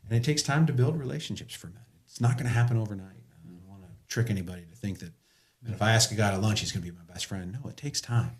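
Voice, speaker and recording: A man's voice: lowish voice, fast, roomy sound. A middle-aged man telling stories in an earnest, casual chat, often quoting what others said. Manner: earnest, storytelling with quoted dialogue; joking. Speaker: podcast guest.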